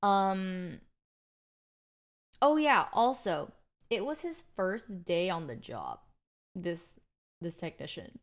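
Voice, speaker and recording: A woman's voice: fairly low pitch, big pitch swings, takes it slowly, long pauses. Chatty young woman streamer telling a story. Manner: chatty, exasperated storytelling with quoted back-and-forth. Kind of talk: casual storytelling to chat.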